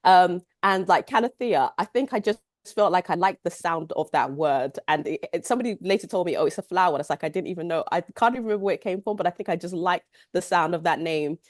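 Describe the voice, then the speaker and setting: An author in a casual book club conversation, a woman with a fairly low voice, talks quickly about writing her book with barely any pauses. She restarts often and says "you know" a lot, and the studio-quality recording has no echo.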